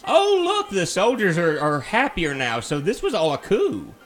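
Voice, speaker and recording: A man's voice: high-pitched, wildly swooping pitch, moderate pace, a bit bright, soft background music. A man streaming a video game, chatting casually and mocking himself as he thinks aloud. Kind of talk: casual let's-play commentary.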